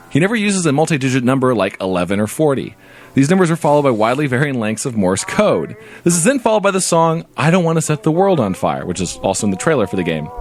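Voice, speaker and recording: A man co-hosting a casual podcast, reading a listener email aloud with playful, animated storytelling. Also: medium pitch. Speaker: podcast co-host.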